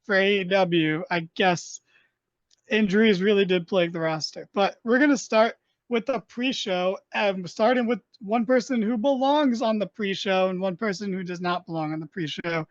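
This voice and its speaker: High-voiced man hosting a casual podcast. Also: moderate pace, no room sound, highs cut off. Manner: joking, rambling with many fillers. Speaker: podcast host. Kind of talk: casual wrestling podcast chat.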